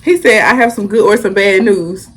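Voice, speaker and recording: A woman's voice: medium pitch, normal speed, a little hiss or hum. A young woman, telling a casual storytime and animatedly acting out the quotes. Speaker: vlogger.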